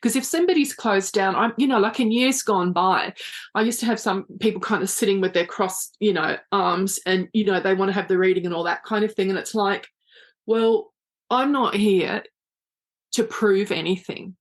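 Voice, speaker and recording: A middle-aged woman, a psychic medium guest on a podcast, speaking in a gentle, reflective way with plenty of 'you know'. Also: medium pitch, fairly quick. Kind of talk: casual podcast interview.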